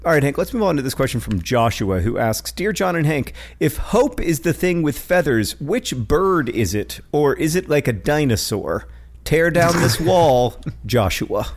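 A man's voice: on the high side, moderate pace. Man, podcast co-host, wry jokey banter, reads out listener letters. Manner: joking, wry, animated storytelling. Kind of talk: casual chat with brother, reading listener questions.

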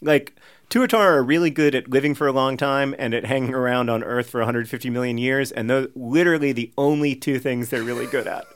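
A man co-hosting a podcast, chatting casually with wry, deadpan jokes. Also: medium pitch, brisk, smooth. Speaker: podcast co-host. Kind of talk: casual chat.

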